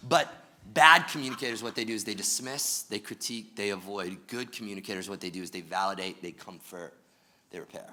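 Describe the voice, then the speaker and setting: With a bright, forceful, medium-pitched voice, this pastor preaches an energetic sermon, talking straight to the congregation and tossing in quick jokes along the way.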